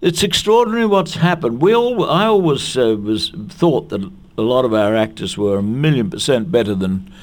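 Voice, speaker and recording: A man's voice: mid-range voice, expressive, moderate pace. Older Australian man telling showbiz stories. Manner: anecdotal and chatty, with restarts and quotes acted out in other voices. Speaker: veteran actor, interviewee. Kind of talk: reminiscing interview.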